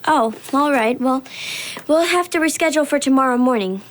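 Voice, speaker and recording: A woman's voice: high voice, brisk, lightly acted. An actress playing a polite, anxious young assistant who hesitates when she is unsure, in a children's radio drama. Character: nervous, dutiful young woman assistant.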